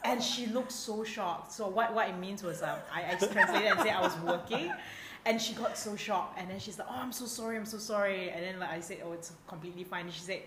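Lower-voiced young Malaysian woman. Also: fairly quick, hardly any pauses, crowd noise. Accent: Malaysian English. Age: 20s. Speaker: podcast co-host. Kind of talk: casual chat. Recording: echoey room, faint background noise.

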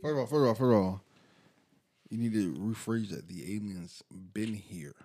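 A man's voice: fairly low pitch, lively intonation, normal speed, warm tone. A man co-hosting a casual podcast who mostly chimes in with agreement and then gives blunt opinions of his own. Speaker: podcast co-host.

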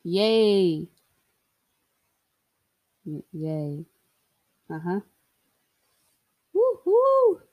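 Portuguese woman vlogger, unhurried, jokey and giggly, mid pitch. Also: lively intonation, darkish tone, husky. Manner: playful, jokey, laughs often. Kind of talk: casual solo monologue.

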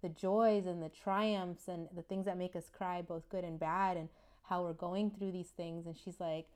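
A woman's voice: on the low side, clean tone. A woman in her thirties, a neonatologist and podcast co-host, fondly and chattily reminiscing in an interview. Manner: chatty, quick, fond reminiscing. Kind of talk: casual interview storytelling.

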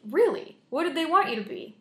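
A woman's voice: fairly high pitch, normal speed, natural voice. A woman voicing a curious young child talking to a monster from bed at night, asking questions with a slightly raised voice. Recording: roomy echo.

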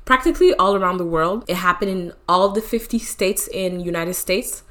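A young woman with a lowish voice co-hosts a podcast chat. She talks in an emotional, halting way and leans on fillers. She is from Canada. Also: fairly bright tone. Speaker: podcast co-host. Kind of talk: casual chat.

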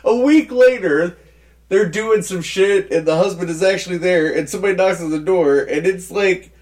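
A man's voice: sits high, normal speed, darkish tone. A man co-hosting a podcast, casually bantering and swearing while recapping a movie. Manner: laughing, profane banter. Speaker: podcast co-host. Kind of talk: casual chat.

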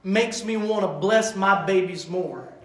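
A man preaching a sermon as an evangelist, fervent, rising to loud bursts and then dropping soft. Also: high-pitched, a little slow. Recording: echoey room.

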